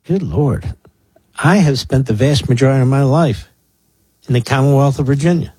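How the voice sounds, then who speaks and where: Sarcastic talk radio guy in his 60s, philly-raised, husky voice, dead dry studio sound. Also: mid-range voice, normal speed, mellow, no echo. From Philadelphia area, US. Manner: sarcastic, mocking asides to his producer. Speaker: radio talk show host. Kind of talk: political talk radio commentary.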